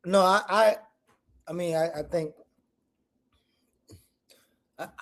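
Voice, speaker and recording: A man panelist on a political talk show, asking questions haltingly with many restarts and speaking in informal slang. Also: high-pitched, a bit bright.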